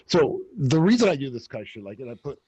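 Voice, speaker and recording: A man's voice: mid-range voice, huge pitch swings, fast talker, a little mellow, breathy edge, dull audio. A man as a podcast guest, talking in a brash, profane, candid way with lots of fillers, close to the mic. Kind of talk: candid casual interview talk.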